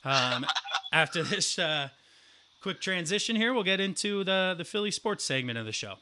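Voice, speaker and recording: A young man in his twenties co-hosting a casual sports podcast, telling a profane story and acting out the quotes loudly. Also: sits high, expressive, normal speed. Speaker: podcast co-host.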